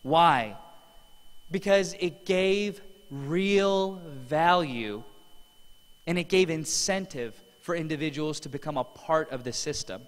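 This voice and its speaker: A man's voice: on the high side, slow pace. A man giving an earnest, emotional motivational testimonial as a seminar speaker in a large event hall. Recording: long hall reverb.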